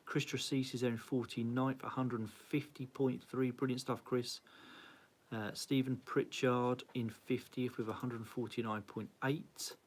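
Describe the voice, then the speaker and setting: Here the cycling club host speaks in a mid-range voice with little pitch movement and a slightly slow delivery. He cheerfully chats through the club's leaderboard on a live stream, naming viewers as he greets them and poking fun at his own flubs.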